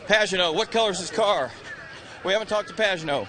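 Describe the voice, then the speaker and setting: A man's voice: sits high, animated, a little fast, soft background music, a faint crowd. A man in his sixties, out of breath, teasing drivers during live interviews outdoors on a racing grid. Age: 60s. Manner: joking, teasing, shouts greetings. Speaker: pit reporter.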